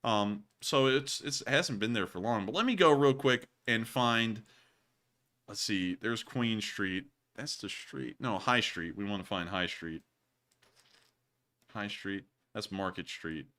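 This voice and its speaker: Bright-voiced male livestream host. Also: fairly low pitch. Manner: rambling, many filler sounds. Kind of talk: casual livestream chat.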